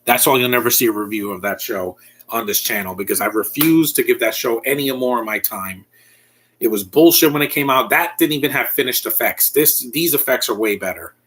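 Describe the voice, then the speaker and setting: A man's voice: medium pitch, a little fast, fairly bright tone, slightly rough. Blunt, rambling male reviewer. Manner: rambling and blunt, with frequent restarts. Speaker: YouTube reviewer. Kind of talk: casual spoken review.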